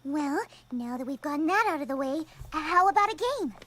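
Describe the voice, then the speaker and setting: A woman voicing a timid, gentle young female pony in a cartoon, soft and hesitant, with a sweet, fretful manner. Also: sits high, animated, moderate pace, a little hiss or hum. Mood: coaxing. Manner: sweet, fretful, speaks quietly. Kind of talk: cartoon voice acting.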